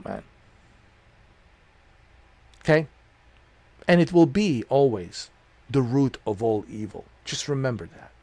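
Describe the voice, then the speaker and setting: A man's voice: medium pitch, no echo. A middle-aged man streaming games, ranting bluntly and profanely in a preachy tone. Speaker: gaming streamer. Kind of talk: livestream rant.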